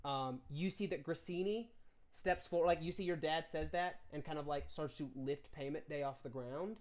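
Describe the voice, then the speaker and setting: A man's voice: fairly high pitch, moderate pace. A man narrating as game master of a tabletop game, rambling and restarting often. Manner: rambling, many fillers and restarts.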